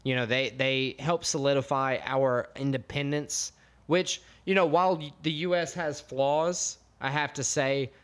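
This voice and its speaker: A man's voice: mid-range voice, fairly even intonation, a little slow. An American man co-hosting a podcast, chatting casually and rambling with restarts. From United States. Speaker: podcast co-host. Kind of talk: casual chat.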